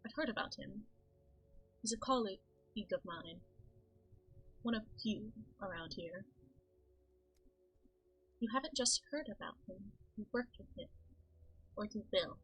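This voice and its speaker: A tired, sarcastic male doctor in a video game, read by a woman in her own bright voice. The tone is dry, with a slightly husky edge. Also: mid-range voice, exaggerated voice, poor audio. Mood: uncertain. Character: weary sardonic male doctor, the Bachelor.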